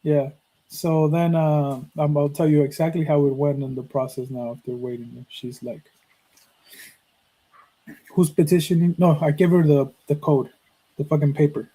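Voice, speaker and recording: Podcast host, man, 30s, from Mexico; mellow, husky tone; swears freely while narrating and acts out quoted lines. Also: a little high, moderate pace, low-quality recording. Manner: profane, animated, acts out quoted dialogue. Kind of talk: casual storytelling.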